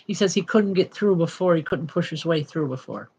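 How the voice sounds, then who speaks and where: A woman's voice: lowish voice, lively intonation, normal speed, a little mellow, breathy edge, muffled recording. A woman giving live spirit-message readings as host, chatty and apologetic, with frequent ums and an emotional edge. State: emotional at times. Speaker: spiritual medium and show host.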